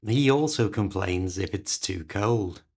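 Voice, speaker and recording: British male English tutor, unhurried and animated, spelling sounds out clearly. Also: deep voice. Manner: slow, clear, demonstrative delivery. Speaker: English teacher. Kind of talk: scripted pronunciation lesson.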